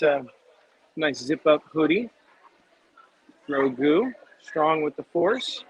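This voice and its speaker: Gadatliwy mężczyzna prowadzący transmisję na żywo. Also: male voice, a little high, vocal fry, dull audio. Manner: rambling, chatty, quick asides. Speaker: livestream host. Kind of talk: casual walking livestream. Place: shop in a theme park.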